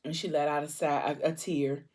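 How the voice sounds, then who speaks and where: A woman's voice: sits low, level tone, moderate pace, darkish tone, husky. A woman vlogger casually retelling a book plot between bites and acting out the dialogue. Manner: conversational, with fillers. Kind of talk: casual storytelling while eating.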